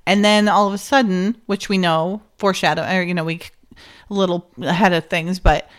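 A woman's voice: fairly low pitch, steady tone, brisk. A woman in a casual podcast chat, animatedly retelling TV scenes and acting out the characters' lines. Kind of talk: casual chat about a TV episode.

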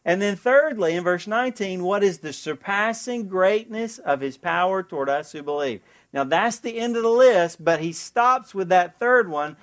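A man preaching a sermon as pastor, earnest, asking the congregation for an amen and slowing down to read scripture. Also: on the high side, fairly bright tone. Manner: earnest, call-and-response asides, slows for scripture.

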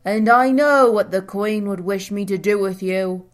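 A woman reading a story and voicing a desperate man who shouts in panic. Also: a little high, unhurried, faint music behind. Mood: angry. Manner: shouted, frantic.

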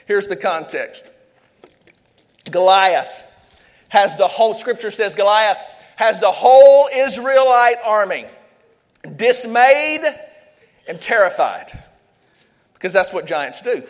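A man's voice: high-pitched, animated, slow pace, long pauses. A man with a South Louisiana accent preaching a sermon as pastor, fervent and leading call-and-response. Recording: echoey hall, long reverb.

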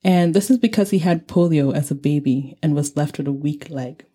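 A woman from Nigeria hosts a book-review podcast. She talks in a low, mellow voice. Her delivery is measured and thoughtful, with light laughs. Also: fairly even intonation, breathy edge. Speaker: podcast host. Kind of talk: explanatory book-review talk.

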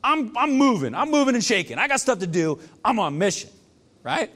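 A male pastor delivers a sermon with a high-pitched voice. His speech is very animated, swinging widely up and down. He falls quiet to land the important points. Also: brisk. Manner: animated preaching, dropping to quiet emphasis.

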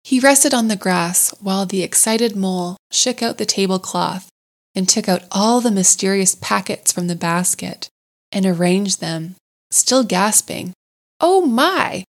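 A woman reading a classic storybook aloud in a gentle, measured way. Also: mid-range voice.

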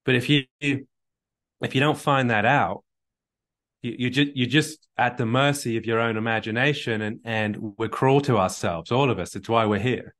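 A man's voice: medium pitch, normal speed, a bit bright. A man coaching a caller on a live call, talking earnestly and often repeating words as he works through his advice. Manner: earnest, repeats words while thinking, acts out sample dialogues. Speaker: relationship coach. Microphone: call recording.

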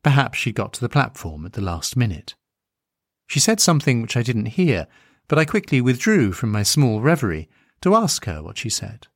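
A man reading a dark literary story aloud in a measured, wry manner. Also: medium pitch, sing-song, no room sound, clean studio sound. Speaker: narrator.

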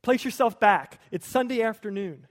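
High-voiced man preaching a sermon. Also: moderate pace, dry recording, clean studio sound. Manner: conversational, lightly humorous storytelling. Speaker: pastor.

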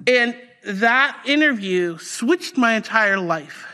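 A woman's voice: mid-range voice, moderate pace. A woman pastor preaching a personal testimony in a conversational, storytelling way. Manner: conversational, animated storytelling with fillers.

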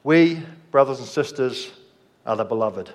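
A man preaching a sermon, slow and measured, letting his voice drop softly at the ends of phrases. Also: mid-range voice, expressive. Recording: long hall reverb.

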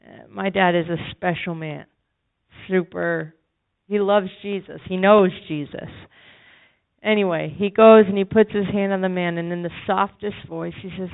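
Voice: mid-range voice, steady tone, normal speed, vocal fry, clean tone, narrow, tinny audio. A preacher giving a sermon testimony, telling a story with emphatic repetition.

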